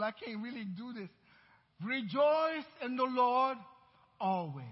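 A man with a very high voice preaches at a slow, deliberate pace. He is an emphatic pastor who repeats his phrases and stretches out key words. The recording is dull and carries the long echo of a large church hall. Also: lively intonation, slightly rough. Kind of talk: sermon.

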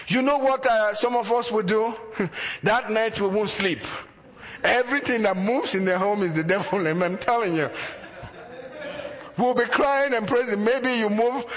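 A man's voice: sits high, fairly bright tone, long reverb tail. A man preaching a sermon as a pastor, building emphasis through repeated phrases.

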